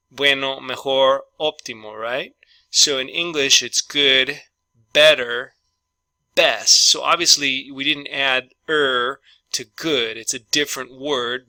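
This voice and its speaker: A middle-aged man teaches English grammar with a very bright, forceful tone. He goes over each example sentence slowly and switches back and forth into Spanish to translate. The recording is close and dry, with no room sound. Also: mid-range voice, no echo. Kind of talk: bilingual grammar lesson.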